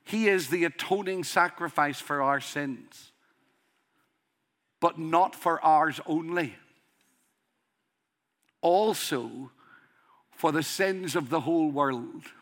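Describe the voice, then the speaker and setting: Slow, bright-voiced preacher with a strong accent. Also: male voice, fairly high pitch. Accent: strong accent he calls a dialect. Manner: earnest, emphatic preaching with rhetorical questions. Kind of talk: sermon.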